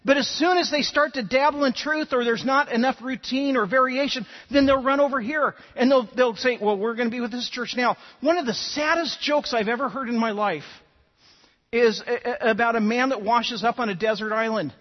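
A man's voice: extremely high pitch, moderate pace, in a large hall, dull audio. A man preaching a sermon, telling stories and often repeating words as he starts sentences. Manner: animated storytelling, repeats words when starting. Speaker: pastor.

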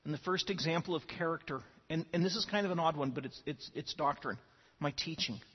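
A fairly quick, high and husky-voiced male pastor gives a sincere sermon in a church sanctuary, often starting phrases by repeating words. Long hall reverb trails through the dull, lo-fi recording.

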